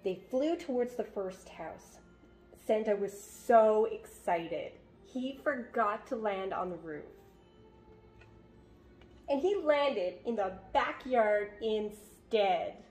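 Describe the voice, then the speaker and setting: A woman reading a children's picture book aloud as a storyteller, in a gentle, expressive manner. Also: mid-range voice, slow, soft background music.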